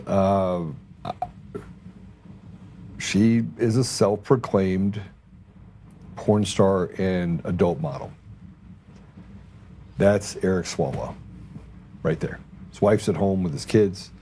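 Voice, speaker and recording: A man's voice: deep voice, dark tone, a little hiss or hum. A man hosting a political talk show, casual and rambling, often sarcastic, repeating his words as he goes. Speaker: podcast host.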